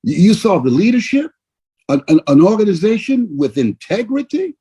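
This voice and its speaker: An older man giving a motivational speech in a husky voice, preaching with big swings between shouts and low murmurs. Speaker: motivational speaker. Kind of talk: motivational speech on a video call.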